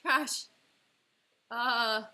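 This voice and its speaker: A young woman chatting casually on a livestream, excitable and quick to laugh at herself. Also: a little high. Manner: excitable, laughing often, self-deprecating groans. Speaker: illustrator streaming live. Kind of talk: casual livestream chat while playing a drawing game.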